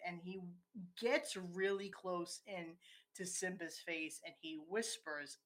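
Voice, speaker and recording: A woman's voice: medium pitch, slow. A woman in casual conversation, walking through a film scene step by step and acting out its quoted lines.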